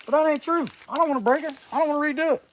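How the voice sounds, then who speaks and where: Here the middle-aged carver's voice is very high and steady in tone, and he talks very fast. He's livestreaming from his outdoor workshop, casually reading viewer comments aloud as he carves with a chainsaw, sounding a touch sniffly from a cold. A faint hiss or hum runs under the audio.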